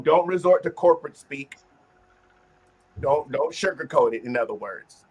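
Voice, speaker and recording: A man hosting a casual group discussion, talking earnestly about self-reflection and turning animated when he acts out examples. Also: fairly high pitch, moderate pace, long pauses, husky, muffled recording. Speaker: host.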